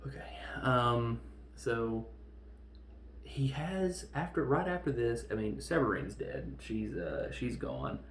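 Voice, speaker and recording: A man hosting a podcast, casually recapping a film and acting out quick bits of dialogue as he goes. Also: mid-range voice, roomy sound, a little hiss or hum. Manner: animated retelling with quick acted-out quotes. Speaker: podcast host reviewing films.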